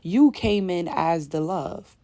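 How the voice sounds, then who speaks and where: Lower-voiced woman giving a spiritual reading. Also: takes it slowly, dark tone, dry recording. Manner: emphatic, repetitive, casual slangy talk. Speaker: spiritual reader. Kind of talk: intuitive spiritual message to viewers.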